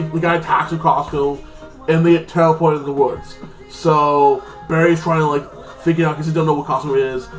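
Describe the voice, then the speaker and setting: A man casually recapping a TV episode in a rambling way, full of fillers, acting out the characters' lines in quick voices. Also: a little high. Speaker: TV episode reviewer.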